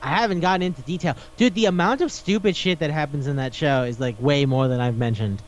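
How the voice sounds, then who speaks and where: A young man co-hosting a casual podcast, swearing a lot and acting out characters in animated voices. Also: on the high side, quick pace. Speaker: podcast co-host. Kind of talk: casual chat about anime. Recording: dull lo-fi podcast recording.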